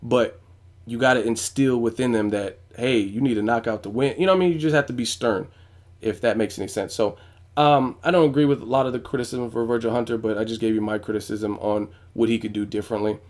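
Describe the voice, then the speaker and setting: This boxing YouTuber talks fast at medium pitch, delivering blunt, casual commentary on his vlog with lots of profanity. He often drops in "you know what I'm saying."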